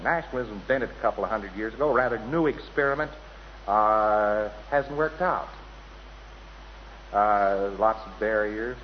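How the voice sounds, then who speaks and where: Man, mid-pitched, digressive lecturer who imitates voices; dull lo-fi hall recording. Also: a little hiss or hum. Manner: rambling, anecdotal, mimics voices. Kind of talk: lecture to an audience.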